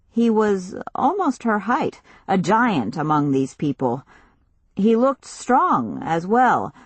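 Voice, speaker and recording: A woman narrating a novel in a measured, even storytelling manner, close to the mic. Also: mid-range voice, no echo. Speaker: audiobook narrator. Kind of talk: scripted narration.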